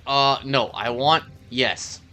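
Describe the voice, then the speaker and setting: A man's voice: mid-range voice, slow, bright, forceful tone. A man casually chatting on his live stream as he plays a shooter, loose and profane, rambling and talking to his cat. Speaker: gaming streamer. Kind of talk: casual live-stream chat while playing.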